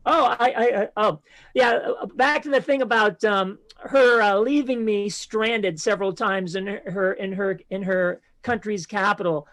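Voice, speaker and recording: A man's voice: sits high, unhurried, a bit bright, rough recording. A man from the United States doing a stand-up set over a video call, hesitant, full of ums and restarts, laughing at himself. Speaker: stand-up comedian.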